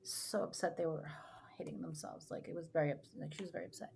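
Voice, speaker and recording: A woman's voice: deep voice, fast talker, creaky, darkish tone, slight background noise. A young adult woman, a spiritual retreat guide, telling stories earnestly in a casual podcast talk with many fillers. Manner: earnest, rambling, filler-heavy storytelling.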